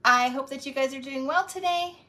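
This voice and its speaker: A middle-aged woman hosting a live crafting stream, chatting warmly and greeting viewers by name as she works. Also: high voice, a little fast. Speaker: crafting livestream host.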